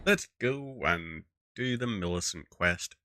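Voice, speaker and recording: A man's voice: sits low, slow pace. A man giving gameplay commentary in a dry, mock-formal, sarcastic way, talking into a desk microphone. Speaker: gaming channel host. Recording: steady background noise.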